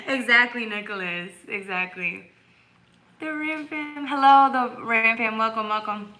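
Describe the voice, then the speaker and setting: Bright-voiced woman hosting a tarot livestream. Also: a little high, unhurried. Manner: blunt and scolding, reads chat aloud, bursts into loud laughter. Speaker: tarot reader and livestream host. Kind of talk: casual livestream chat with viewers.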